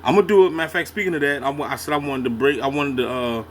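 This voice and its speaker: A man hosts a reaction video, his voice sitting a touch high for a man. He talks loose and slangy, jumping in to agree and pressing his points with heavy emphasis. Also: racing, slight background noise. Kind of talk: casual reaction commentary.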